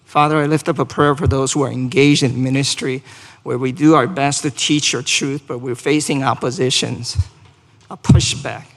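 A man's voice: mid-range voice, steady tone, moderate pace, creaky, big-room sound. A man preaching a sermon and leading a closing prayer, speaking earnestly, asking the congregation questions and rising to emphatic peaks. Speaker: pastor.

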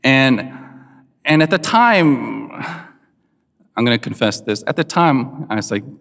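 A man in his forties telling humorous family stories to an audience, animated and self-mocking. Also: mid-range voice, slow pace, gravelly, long pauses. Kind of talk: humorous personal storytelling to an audience. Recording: long reverb of a large hall.

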